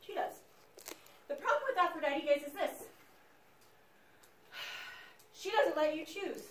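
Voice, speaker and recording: A woman teacher lecturing her class in an animated, chatty way, speaking straight to the students. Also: very high voice, measured pace. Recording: echoey classroom, mic far off.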